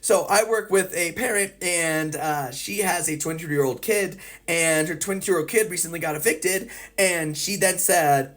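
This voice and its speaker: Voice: mid-range voice, moderate pace, hardly any pauses, fairly bright tone. A therapist explaining a psychology topic with everyday examples, acting out the thoughts of the people in them. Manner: acts out people's inner thoughts. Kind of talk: educational explainer video.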